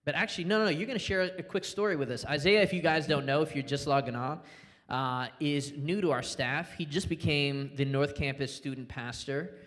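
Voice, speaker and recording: A man's voice: a little high, fairly quick, a bit bright, in a large hall. A man hosting a church youth live stream, joking with co-hosts and talking to the online chat. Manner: jokey, chatty, talks to the online chat. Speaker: youth ministry host. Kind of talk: casual live-stream banter. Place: church student venue.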